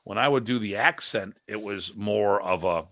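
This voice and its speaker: Gravelly, bright-voiced storytelling man. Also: fairly low pitch, normal speed, no echo. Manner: animated storyteller, mimics others' voices. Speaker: martial arts instructor and guest. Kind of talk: casual podcast discussion.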